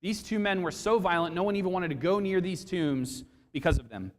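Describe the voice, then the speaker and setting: A man's voice: high-pitched, a little fast. Man preaching in a reverberant hall. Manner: expressive preaching, acts out quoted voices, asks the congregation questions. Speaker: pastor. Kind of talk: sermon. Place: church sanctuary.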